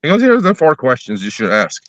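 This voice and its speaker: A man's voice: on the high side, huge pitch swings, fairly quick, no room sound, muffled recording. A man telling a story in casual chat on a live stream, swearing freely and acting out both sides of the conversation.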